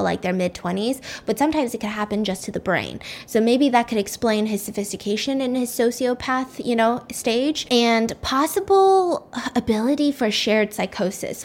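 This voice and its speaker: Chatty young woman telling a story. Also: a little high. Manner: chatty, swearing, conversational asides. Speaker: storyteller host. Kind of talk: casual storytelling.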